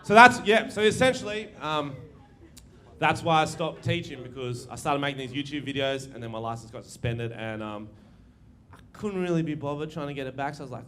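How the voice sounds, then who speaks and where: A young Australian man doing a crude, brash live stand-up routine, telling stories with quick asides. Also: on the high side, fairly bright tone. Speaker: stand-up comedian. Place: comedy venue stage.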